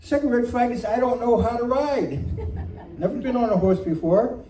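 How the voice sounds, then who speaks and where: A man telling a comic true story at a live storytelling night, animated and self-mocking, often laughing as he talks. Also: very high-pitched, moderate pace. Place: community center room. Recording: echoey room from far off, faint noise.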